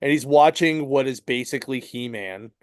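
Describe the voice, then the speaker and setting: A man's voice: mid-range voice, moderate pace, no room sound, clean studio sound. A man co-hosting a podcast, telling a story in casual chat that is full of fillers and chuckles. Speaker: podcast co-host at a comic shop. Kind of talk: casual chat recapping a comic book.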